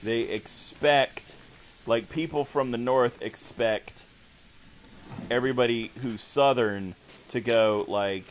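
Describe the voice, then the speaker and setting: A man's voice: mid-range voice, takes it slowly. A young American man streaming a game, chatting casually and rambling with lots of fillers and restarts. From United States. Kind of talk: casual gameplay chat.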